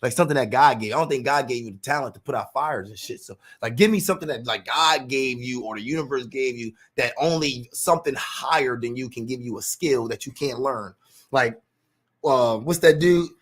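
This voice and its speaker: A man's voice: mid-range voice, a little fast. A man in a casual monologue rant, full of profane street slang, acting out what people say. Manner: animated, profane street slang, acts out quotes.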